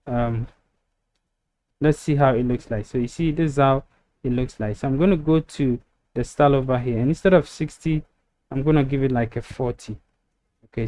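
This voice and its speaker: A man's voice: mid-range voice, mellow. A man walking through a website-building tutorial step by step, narrating over a screen recording with frequent ums. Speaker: web design tutor.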